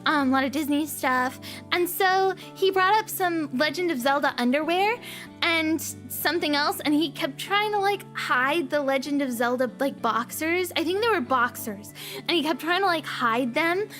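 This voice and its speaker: Young woman streamer, very high and bright voice, animated storyteller, soft music under her. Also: moderate pace. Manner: giggly, repeats lines for effect. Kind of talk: casual chat stream.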